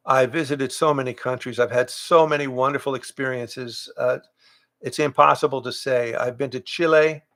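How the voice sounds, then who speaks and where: An older man with a gravelly, medium-pitched voice, a voice actor and improv teacher, chats casually with fans on a livestream. He's relaxed and rambling as he reads out viewer questions and answers them. He sits at home in front of pictures on the wall, picked up by a webcam livestream setup.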